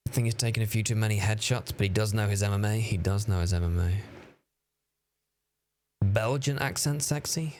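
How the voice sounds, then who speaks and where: A man's voice: lowish voice, moderate pace, a little mellow, a little hiss or hum. A man, streaming a game and chatting casually with his viewers, swearing freely as he reacts to their messages. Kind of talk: casual gameplay commentary, reading chat.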